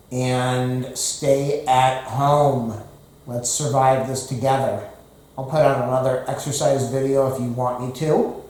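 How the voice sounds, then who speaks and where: A fitness vlogger with a mid-range, darkish voice is out of breath, counting his exercise reps aloud between groans and rambling asides to the camera. The room he's in is very echoey.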